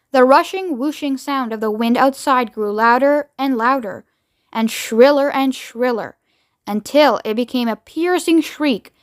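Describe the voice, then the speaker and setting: A woman reading a children's book aloud with steady, expressive storytelling. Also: high-pitched, no echo, studio quality. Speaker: read-aloud reader.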